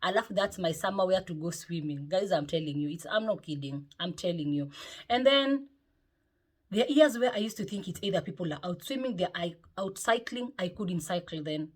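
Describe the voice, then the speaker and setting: Husky-voiced woman vlogging. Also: lowish voice, moderate pace. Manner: lively and chatty, with frequent "eh?" tags. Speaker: motivational vlogger. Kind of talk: casual chat to camera. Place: home, indoors.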